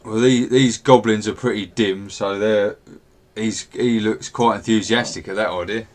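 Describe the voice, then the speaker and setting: A man with a lowish voice guides players through a tabletop game as game master. He talks in an easygoing, unhurried way, hedging with little fillers as he sets the scene. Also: fairly even intonation.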